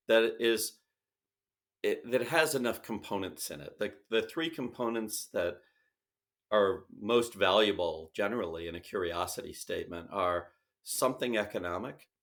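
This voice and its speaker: A man speaking as an interview guest, emphatic and animated, often switching into quoted voices to make his point. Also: on the low side, gravelly. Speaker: sales expert guest. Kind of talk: conversational interview.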